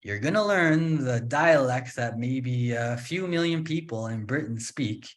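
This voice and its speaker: A man from Canada hosting a relaxed interview, talking at an ordinary mid pitch. He is chatty and opinionated and jokes as he goes. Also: a little slow. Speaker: host and English teacher. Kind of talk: casual interview chat.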